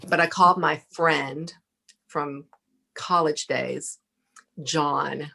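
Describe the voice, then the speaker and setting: A middle-aged woman, a podcast guest, telling a lively story, laughing often and acting out what people said. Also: low voice, very slow, creaky. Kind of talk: casual storytelling interview.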